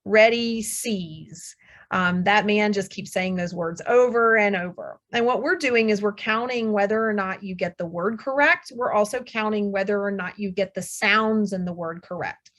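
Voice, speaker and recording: A middle-aged woman audiologist presents a webinar talk in a room. She explains patiently and reassures her listeners, with frequent ums. Her voice sits at an ordinary pitch. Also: normal speed, few pauses, fairly bright tone. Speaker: audiologist lecturer. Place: room with air conditioner hum.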